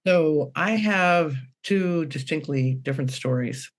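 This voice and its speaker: A woman's voice: low-pitched, slow. Rambling woman medium telling stories. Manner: rambling, animated, with restarts and acted-out quotes. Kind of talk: storytelling on a podcast panel.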